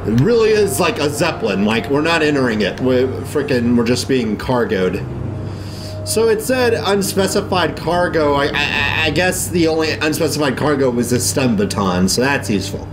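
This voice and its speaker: A man's voice: medium pitch, sing-song, normal speed, over music. A man commenting on a video game he is playing, reacting with big emotional swings and talking to the characters on screen. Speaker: let's play gamer. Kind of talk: casual gameplay commentary.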